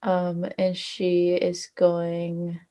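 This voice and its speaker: With a lowish, dark voice, a woman speaks in a monotone and very slowly as a tabletop role-playing game player. Her casual talk is hesitant, full of fillers, with a swear word now and then.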